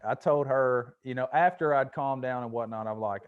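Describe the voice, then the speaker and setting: A man hosting a podcast, telling stories in a relaxed way and swearing often in casual chat. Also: medium pitch, normal speed, clean tone, highs cut off. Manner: laid-back storytelling with frequent swearing. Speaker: podcast host.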